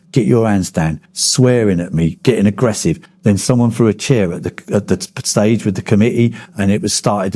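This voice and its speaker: A man, telling his memories bluntly and swearing without hesitation. His voice sits low, mellow and husky. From Kent, England. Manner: blunt storytelling, swears freely. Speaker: interviewee, former miner. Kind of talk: oral history interview.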